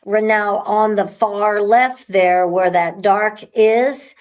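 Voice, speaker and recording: A woman who owns a haunted house, chatting casually in a relaxed, rambling way with frequent restarts. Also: mid-range voice, slow. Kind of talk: casual conversation.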